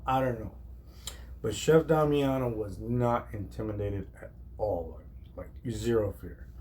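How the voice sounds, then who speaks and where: A man, a chef, telling a personal story in a casual, animated way, emphatic and full of "like". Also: medium pitch. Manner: animated, emphatic, heavy use of "like".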